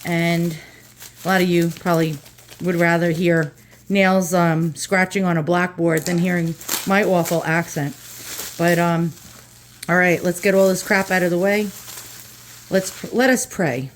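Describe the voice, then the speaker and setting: A woman's voice: fairly low pitch, little pitch movement, unhurried, a little hiss or hum. A woman with a strong New York accent talks her viewers through an unboxing in a loose, chatty way. She is blunt and jokey, with the odd swear word tossed in. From New York, USA. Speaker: vlogger. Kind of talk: casual unboxing chat.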